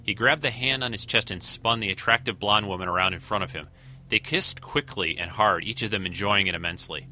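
Male story reader, very low voice with a sharp bright edge, steady. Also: fairly quick, a little hiss or hum. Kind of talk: fan audio story reading.

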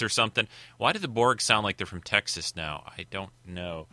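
A man's voice: deep voice, fairly quick, few pauses, sharp tone, no echo. A man hosting a casual film commentary, thinking aloud and rambling with many restarts. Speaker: host.

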